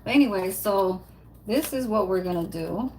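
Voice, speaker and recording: A woman's voice: medium pitch, lively intonation, moderate pace, very noisy. A woman hosting a casual cooking livestream at home, chatting with her viewers while she cooks and swearing now and then. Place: home kitchen, then outdoors.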